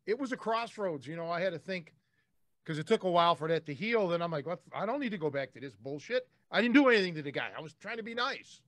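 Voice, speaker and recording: A man's voice: high-pitched, a bit bright, dry recording, clean studio sound. A man hosting a podcast, telling stories casually in a blunt way and swearing freely. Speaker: podcast host.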